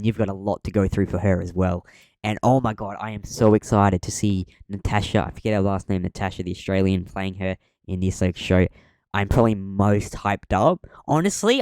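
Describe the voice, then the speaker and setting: Rambling young man, low dry voice. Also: no room sound. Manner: rambling, halting, with many ums and restarts. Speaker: podcast co-host. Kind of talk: casual podcast chat.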